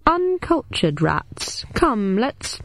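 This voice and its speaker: A woman voicing a sinister undead male janitor who speaks in a slow, drawling, menacing way. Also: lowish voice, animated, darkish tone, no room sound. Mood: mocking.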